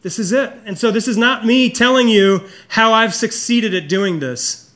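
A man preaching a sermon as pastor, earnest and confessional, often dropping low and soft to stress a point. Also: moderate pace.

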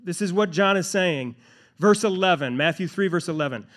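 High-voiced preacher man, emphatic. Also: lively intonation, normal speed, fairly bright tone. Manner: rhetorical questions, emphatic repetition. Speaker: pastor. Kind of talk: sermon.

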